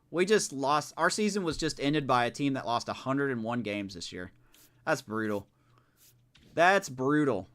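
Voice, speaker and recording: Man, gameplay streamer, casual live commentary, lively pitch, exasperated reactions. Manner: animated, talks to himself, exasperated reactions. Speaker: video game streamer.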